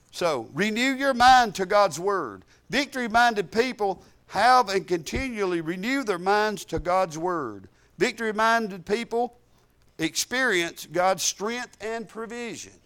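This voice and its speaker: A man's voice: high-pitched, a bit bright. A male pastor preaching a fervent, emphatic sermon and repeating his phrases.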